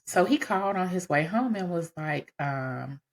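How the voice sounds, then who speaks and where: A woman with a low voice tells a personal story in a relaxed, conversational way. She talks casually and animatedly, filling gaps with "um" and "you know." It sounds like a podcast host speaking straight to her listeners. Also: normal speed.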